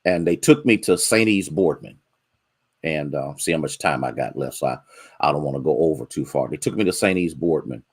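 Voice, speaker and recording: Animated preaching man, pastor. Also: slightly rough. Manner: preaching with rising, drawn-out exhortations and greetings to congregants; drops into low, quick storytelling. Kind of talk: sermon. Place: church sanctuary.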